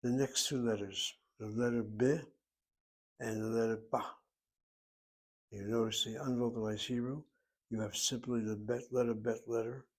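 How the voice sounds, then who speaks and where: A man's voice: medium pitch, fairly even intonation, normal speed, pauses often. A man teaching a Hebrew lesson, explaining grammar methodically step by step. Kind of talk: recorded language lesson.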